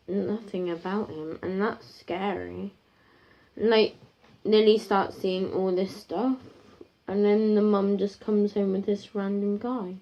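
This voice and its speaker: A woman's voice: medium pitch, gravelly, mellow. A woman improvising a spooky story in a rambling, casual way, full of fillers and restarts, on a dull lo-fi home recording.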